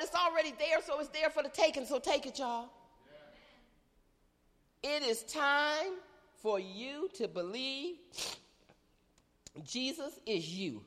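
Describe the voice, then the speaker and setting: A middle-aged woman, preaching an animated call-and-response sermon in a church. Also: high voice, unhurried, long pauses, big-room sound.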